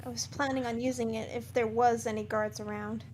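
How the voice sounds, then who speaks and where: A woman's voice: fairly high pitch, flat delivery, a little fast, darkish tone, slight background noise. A woman playing a tabletop game in casual chat. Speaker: player.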